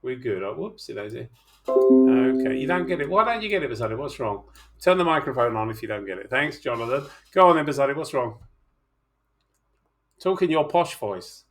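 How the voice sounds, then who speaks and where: Gravelly chatty male chemistry teacher. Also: medium pitch, animated, a little fast, faint music behind. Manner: chatty, teasing, coaxing students. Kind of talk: online class walkthrough.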